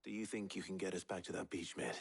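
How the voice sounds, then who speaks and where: Game hero: very deep, husky, commanding. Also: male voice, steady tone, fast talker, exaggerated voice. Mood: resolute. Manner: firm, commanding. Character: stern young male warrior leader.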